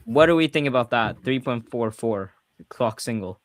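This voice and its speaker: With no room sound in the recording, a Swedish-accented man hosts a relaxed livestream chat. His medium-pitched voice is expressive and moderately paced, and he talks freely, regularly correcting himself mid-sentence.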